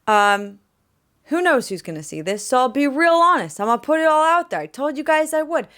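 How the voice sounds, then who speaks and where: A woman's voice: sits high, very animated, brisk, a bit bright. A young woman musician talking candidly in her bedroom for a vlog, chatty and rambling, with frequent fillers and restarts. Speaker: vlogger and musician.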